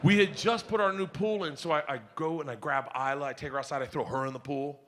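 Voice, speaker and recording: Middle-aged guy doing stand-up, high bright voice, swings all over, yells bits, cussing. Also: quick pace. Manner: rowdy, profane storytelling with shouted bursts. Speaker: stand-up comedian. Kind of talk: stand-up comedy routine. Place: stage before a live audience.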